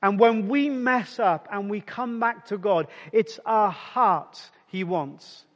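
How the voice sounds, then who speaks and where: A man preaching a sermon as a pastor, conversational and personal, dropping to soft near-whispers for emphasis. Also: high-pitched, takes it slowly, long reverb tail, dull audio.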